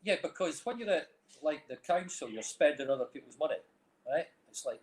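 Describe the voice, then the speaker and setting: A man's voice: on the high side, expressive, a little fast, a little mellow. A middle-aged Scottish man with a Dundee accent, rambling through stories as an interview guest, full of "like, you know". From Scotland. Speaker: guest, film director and music manager. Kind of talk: casual chat. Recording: roomy echo.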